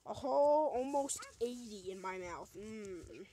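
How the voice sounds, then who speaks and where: A woman's voice: medium pitch, animated, unhurried, background noise. A young woman casually commenting as she plays a video game, joking with the enemies and shrieking when things go wrong. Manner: goofy, talks to the game, shrieks when in danger. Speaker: gamer. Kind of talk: casual let's play commentary.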